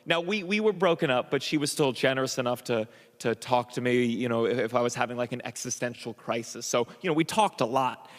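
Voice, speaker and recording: A man's voice: mid-range voice, fairly quick, few pauses. Guy on stage doing stand-up, jittery self-mocking, lots of i-i-i restarts, echoey hall. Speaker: stand-up comedian. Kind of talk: stand-up storytelling. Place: comedy stage.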